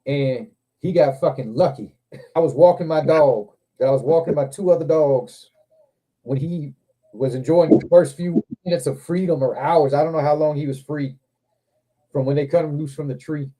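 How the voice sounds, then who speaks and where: Mellow-voiced man telling rambling stories. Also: a little high, moderate pace. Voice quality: profane, rambling, animated anecdotes. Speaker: livestream host. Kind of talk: casual storytelling chat.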